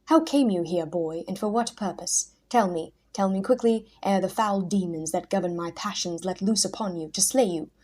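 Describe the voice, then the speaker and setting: A woman voicing a mad old male hermit who speaks in archaic, fervent bursts, from raging shouts to hushed awe. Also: medium pitch, normal speed, hardly any pauses, natural voice. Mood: urgent. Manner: intense, archaic speech, shouting then hushed.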